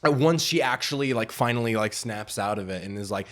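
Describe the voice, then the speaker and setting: A young man co-hosting a casual film podcast, animated, swearing often and retelling scenes. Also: on the low side, brisk. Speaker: podcast co-host. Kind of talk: casual film-review chat.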